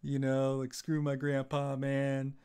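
A man's voice: medium pitch, monotone, takes it slowly, a little mellow, smooth, close to an everyday voice. A man playing a stoned, resentful young king who grumbles in a lazy drawl full of "man". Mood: stoned grumbling.

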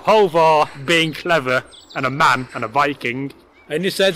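A man's voice: on the high side, moderate pace, noisy background. A man hosting and telling a folk tale, playful, with chatty asides to his viewers. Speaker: host and storyteller.

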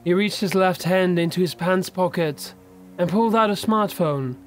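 High-voiced man narrating a horror story. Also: moderate pace. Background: faint background music.

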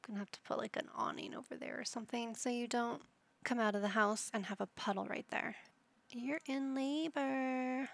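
A woman's voice: a little high, steady tone, fast, vocal fry, fairly bright tone. A woman giving casual commentary over her life-simulation gameplay, chatting to her game characters as she plays. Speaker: gameplay channel host.

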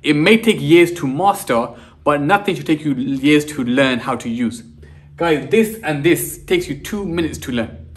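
A young man, a teacher, giving an energetic online lesson and saying "guys" in nearly every sentence. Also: fairly high pitch, measured pace. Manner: energetic, says "guys" constantly. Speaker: English teacher.

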